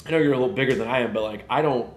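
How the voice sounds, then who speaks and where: A man, hosting a casual live podcast and rambling in an animated way. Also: mid-range voice, rapid-fire, echoey room, a little hiss or hum. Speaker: podcast host. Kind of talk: casual live-stream chat.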